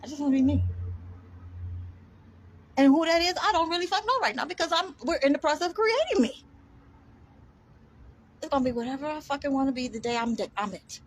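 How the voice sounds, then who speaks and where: A woman's voice: sits high, expressive, fairly quick, pauses often. A woman delivering a defiant, profane rant to camera, combative and emphatic, repeating words for force. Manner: combative, heavy swearing, defiant.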